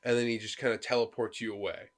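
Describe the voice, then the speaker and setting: A man at a middle pitch chats casually on a podcast. He tells his story with animated energy. He slips into quick impressions of the characters as he goes. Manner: animated storyteller, acting out game characters' lines. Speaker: podcast co-host. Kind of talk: casual chat about video games.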